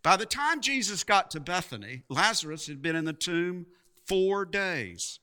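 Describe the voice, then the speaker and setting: A man preaching a sermon, slow and emphatic, with dramatic pauses and repeated words. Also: sits high, expressive, sharp tone.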